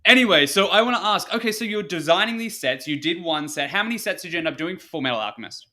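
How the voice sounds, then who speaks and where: Male interviewer, keen and upbeat, sharp bright timbre. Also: high voice, expressive, quick pace. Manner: enthusiastic, eager questioner. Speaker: podcast host. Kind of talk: casual podcast interview.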